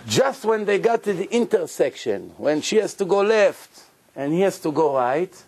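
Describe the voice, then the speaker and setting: A man's voice: high-pitched, moderate pace, husky. A man teaching as a rabbi, telling a story with acted-out dialogue, questions to listeners and non-native English grammar. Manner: animated, acts out dialogue, asks the audience questions. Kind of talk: Torah lecture with storytelling.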